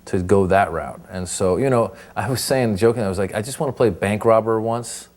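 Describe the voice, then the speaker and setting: A man's voice: lowish voice, a little fast. A comedian and actor in his thirties, born in Iran, chatting casually in an interview and acting out voices as he tells stories. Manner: animated storyteller who acts out voices.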